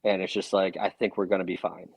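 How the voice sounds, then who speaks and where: Guy on a podcast telling his story, low voice, earnest and fired up, swears a bit. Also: flat delivery, fast, gravelly, husky, low-quality recording. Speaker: podcast guest. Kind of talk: casual storytelling.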